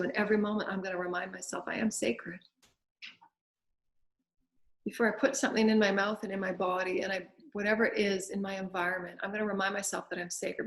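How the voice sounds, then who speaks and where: Woman giving flowing spiritual affirmations. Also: mid-range voice. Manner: flowing, repetitive, speaks in first-person affirmations. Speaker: spiritual teacher. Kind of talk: spiritual guidance talk with affirmations. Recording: echoey room.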